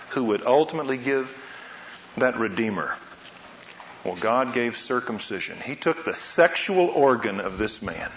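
A man preaching a sermon, asking rhetorical questions and swinging between soft and loud delivery. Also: mid-range voice, a little hiss or hum. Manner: dramatic swings in loudness and pace, rhetorical questions. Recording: roomy, slightly dull sound.

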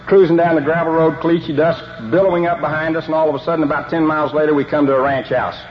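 A man who is a football coach telling a humorous story in an animated way, acting out the dialogue. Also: a little high, quick pace. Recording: dull lo-fi recording with faint hiss.

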